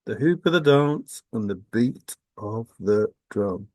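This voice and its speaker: A video blogger giving a rambling spiritual monologue, talking in an intense, repetitive way and swearing. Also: male voice, on the low side, expressive, slow pace, a little mellow, dry recording.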